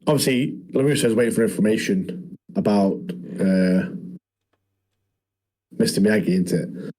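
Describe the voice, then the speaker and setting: A man co-hosting a podcast, recapping in a relaxed, rambling way. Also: on the low side, moderate pace, poor audio. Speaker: podcast co-host. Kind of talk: casual chat, recapping episodes.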